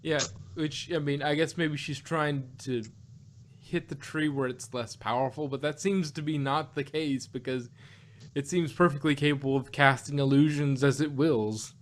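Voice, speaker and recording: A man's voice: on the high side, fairly even intonation, normal speed, slight background noise. A man hosting a casual podcast and recapping a cartoon episode, rambling along with lots of fillers and self-corrections.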